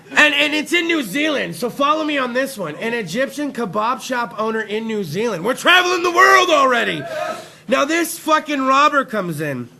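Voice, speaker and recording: A man hosting a live internet talk show, telling a profane, rambling, excitable comedic rant. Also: very high voice, normal speed, gravelly, crowd noise.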